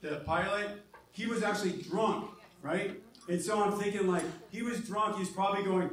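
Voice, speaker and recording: Brash stand-up comic, high and echoey. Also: male voice, expressive. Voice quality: loud, brash delivery with goofy voices. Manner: brash, quick shifts into silly character voices. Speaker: stand-up comedian. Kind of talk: stand-up comedy set. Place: comedy club stage. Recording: echoey room from far off the mic.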